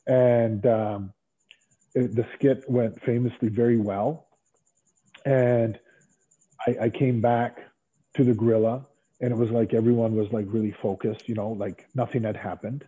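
A former pro wrestler as an interview guest, telling rambling stories in casual chat with lots of fillers and restarts, heard over a tinny phone-like line. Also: male voice, mid-range voice, steady tone, unhurried, mellow, slightly rough. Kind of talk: casual storytelling.

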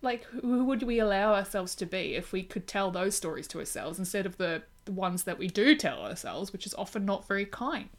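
Animated woman discussing a film. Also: mid-range voice, fairly quick, few pauses. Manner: animated, acts out dialogue in quotes.

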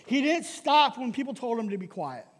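High-voiced pastor preaching in a reverberant hall. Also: male voice, normal speed. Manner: lively, repeats "right?" and laughs often. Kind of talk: sermon. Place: church hall.

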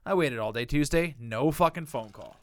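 A man's voice: mid-range voice, animated, moderate pace, no echo. A man telling a long, exasperated story in casual chat, swearing a lot and acting out the people he quotes.

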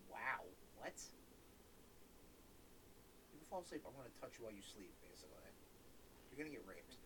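Man, casual movie-watching commentary, irreverent jokes, very lively pitch, noisy recording. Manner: joking, irreverent, quick asides.

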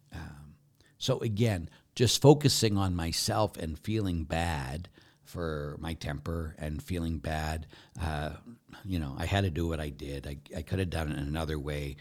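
A Catholic priest and pastor with a rumbling low voice answers questions in an earnest, candid, conversational preaching style. Now and then he drops almost to a whisper for emphasis.

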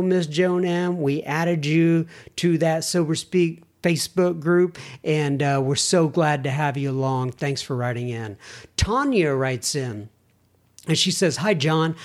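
A man hosting a podcast, reading listener letters aloud and adding casual asides and self-corrections. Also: a little high.

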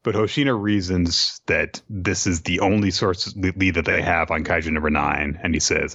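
A man co-hosting a podcast, recapping a show casually and in an animated way. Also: deep voice, normal speed, hardly any pauses, slightly rough, dry recording, lo-fi sound. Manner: animated storyteller, laughs easily. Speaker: podcast co-host. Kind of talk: casual recap of an anime episode.

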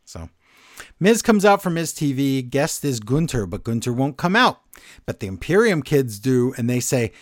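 A male podcast co-host running through a wrestling show in a quick, casual recap, tossing in short imitations of what was said. His voice sits at a middling pitch and the recording is very dry, with no room sound at all. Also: very animated, dry recording. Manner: quick recapping, acting out quotes in passing.

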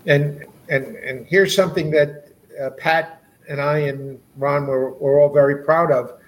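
A man reminiscing on a video call as a guest writer, relaxed and chuckling. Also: fairly high pitch, unhurried, slight background noise, poor audio. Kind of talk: casual panel chat.

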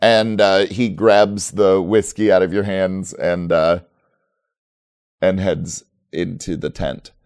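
A man narrating as game master of a tabletop game, relaxed and rambling, full of fillers. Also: low voice, slow.

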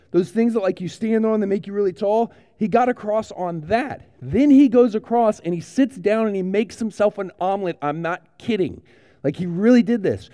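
Animated man preaching to kids. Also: fairly high pitch, no echo, clean studio sound. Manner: animated, playful, direct address to children. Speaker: pastor giving a children's sermon. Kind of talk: sermon storytelling to kids.

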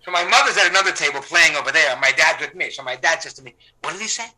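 A man's voice: on the high side, very fast, low-quality recording. A middle-aged man, an actor, telling stories casually in a rambling way, with many restarts and fillers, and acting out the people he quotes. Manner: animated, acts out the people he quotes. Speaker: actor, interview guest. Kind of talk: casual anecdotal storytelling.

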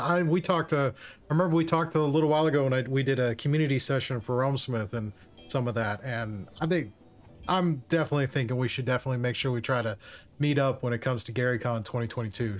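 A man's voice: medium pitch, quick pace, faint music behind. A man hosting a casual chat over a video call, enthusiastic and playful.

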